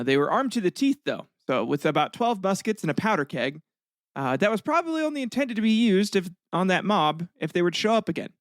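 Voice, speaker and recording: A male host telling history in a loose, joking way, full of "uh" and "like" and throat clearing. His voice sits a little high. The recording is close and dry. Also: no room sound. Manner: rambling, jokey, lots of fillers and throat clearing. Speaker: podcast host. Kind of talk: casual comedic history podcast.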